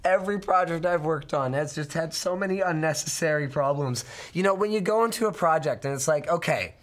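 Hoarse, sick man ranting on a podcast. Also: fairly high pitch, fairly quick. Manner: exasperated, ranting. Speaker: show host. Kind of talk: casual podcast chat.

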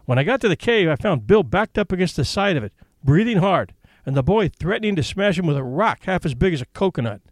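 A male narrator with a fairly high voice, reading a comic story with wry, expressive delivery. His pitch moves about animatedly, and the recording is dry and close. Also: fast talker, no echo. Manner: expressive, wry first-person telling. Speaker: audiobook narrator.

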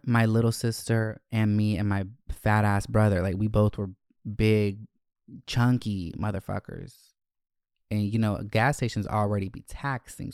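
A man's voice: on the low side, smooth, no room sound, studio quality. Candid, foul-mouthed young man telling stories. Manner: candid, profane, joking. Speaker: podcast host. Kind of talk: casual storytelling.

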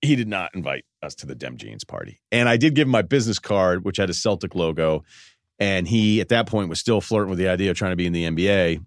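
A man's voice: low voice, expressive, fast, dry recording, clean studio sound. A man in his forties hosting a podcast, telling casual stories in a loose, self-mocking way and laughing between phrases. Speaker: podcast host. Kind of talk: casual storytelling monologue.

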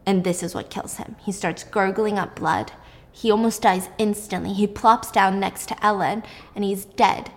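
A young woman casually recapping a film's plot in animated detail, swearing freely as she goes. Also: mid-range voice, moderate pace, long reverb tail.

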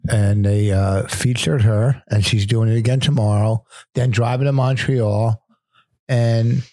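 A man's voice: medium pitch, fairly even intonation, measured pace, dark tone, no room sound, studio quality. A man with a lisp, a comedian co-hosting a podcast, talking in a rambling, joking way that drifts off topic. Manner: rambling, joking, easily sidetracked. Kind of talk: casual podcast banter.

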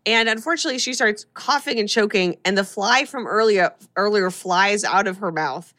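Animated woman retelling a movie. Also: mid-range voice, normal speed. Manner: animated storytelling, acting out characters' lines. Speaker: podcast co-host recapping a film. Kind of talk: casual chat.

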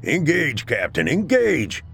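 A man reading a gruff, blunt male sergeant, deep and steady in calm moments and bellowing in a fight. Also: normal speed, faint music behind. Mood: shouting. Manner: gruff, commanding, then bellowing in rage. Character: hardened male airman sergeant, blunt and brave.

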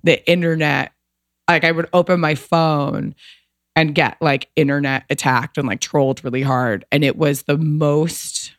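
A woman's voice: low voice, steady tone, a little slow, no room sound, clean studio sound. A woman guest telling a personal story in a casual, emotional way, rambling with lots of fillers and restarts.

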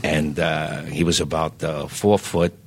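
An older man, a singer guest telling lively anecdotes in casual chat, stammering on restarts and acting out other people's lines. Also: rumbling low, measured pace, vocal fry. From Philadelphia. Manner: animated anecdotes, acts out quoted voices, stammers restarts.

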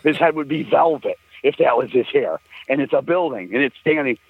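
A man's voice: medium pitch, lively intonation, brisk, creaky, slightly rough, dry recording. An older man, a musician guest, telling rambling, profane stories in a casual chat and laughing often. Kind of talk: casual storytelling. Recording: tinny phone line, dry.

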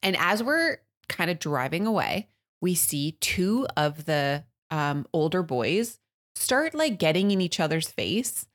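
A woman, co-hosting a podcast, telling a story in an animated way, laughing often and acting out loud quotes. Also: on the low side, unhurried. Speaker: podcast co-host. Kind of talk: casual storytelling chat.

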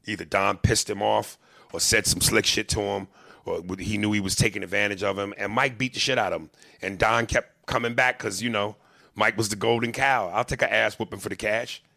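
A man chatting casually about movies, animated and profane, with stammering restarts. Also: fairly low pitch, brisk, gravelly, no echo, clean studio sound.

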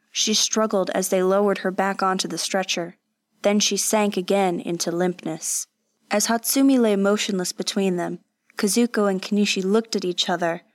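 A woman narrating a novel aloud in a measured, emotive way. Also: mid-range voice, no room sound. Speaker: audiobook narrator. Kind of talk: scripted narration.

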